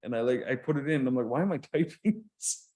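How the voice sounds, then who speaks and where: A Canadian man telling stories in easygoing podcast chat, his voice sitting at an ordinary middle pitch. He wanders from point to point, breaks into laughter often and drops the odd swear word. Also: expressive, quick pace, mellow. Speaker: podcast co-host. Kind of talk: casual chat.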